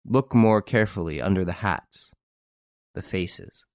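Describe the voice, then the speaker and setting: Narrator doing a cool gentleman detective, low and husky, calm and measured, dry close sound. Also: no room sound. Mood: grave. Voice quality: husky, hushed. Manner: grave and measured. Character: calm, shrewd gentleman investigator.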